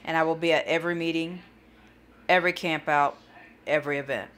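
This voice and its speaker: Casting note: tired woman, bright forceful voice, rambling live-stream chatter to viewers. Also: sits low, steady tone, brisk. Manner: rambling, talks to chat viewers by name. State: tired, yawning. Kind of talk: casual live-stream chat.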